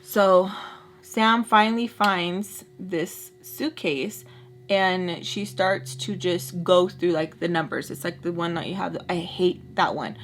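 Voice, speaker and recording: A young woman vlogger telling a dramatic storytime while doing her makeup, chatty and animated, full of "like" and "y'all". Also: on the low side, takes it slowly, slight background noise. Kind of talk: casual storytelling.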